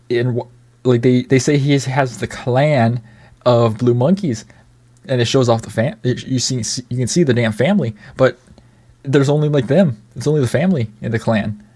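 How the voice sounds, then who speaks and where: A man's voice: mid-range voice, a little mellow, breathy edge. A man giving casual commentary on a film, rambling with many restarts, swearing now and then, bemused and chuckling. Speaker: video reviewer.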